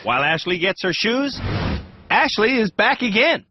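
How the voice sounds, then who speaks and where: A man's voice: sits high, very animated, normal speed, no echo. A man narrating a reality driving show in a wry, dryly sarcastic way. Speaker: host and narrator. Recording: dull lo-fi TV audio with music.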